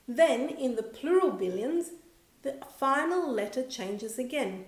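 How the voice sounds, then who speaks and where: A woman with a fairly high voice gives a scripted grammar lesson at an unhurried pace. She says each example word slowly and deliberately, taking care with every syllable. The voice carries a noticeable roomy echo. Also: expressive. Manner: slow, clear, careful enunciation of example words. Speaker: language teacher.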